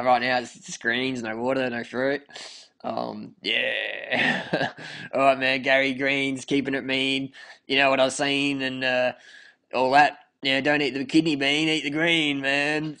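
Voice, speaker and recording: A man's voice: mid-range voice, bright, forceful tone. A young man rambling in a laid-back, slang-heavy comedic monologue and laughing between phrases. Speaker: comic persona of a raw-food devotee.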